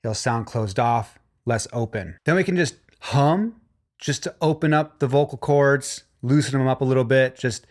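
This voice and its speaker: A man's voice: medium pitch, normal speed. Male vocal instructor, mid-range voice, encouraging course narration. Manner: encouraging, demonstrates hums and sung lines.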